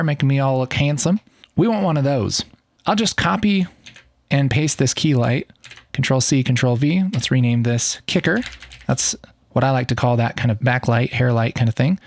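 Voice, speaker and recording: Easygoing, enthusiastic male tutor in his thirties, mid-pitched voice, dry close-mic recording. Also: no echo. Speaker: video editing tutor. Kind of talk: casual screen-recorded tutorial.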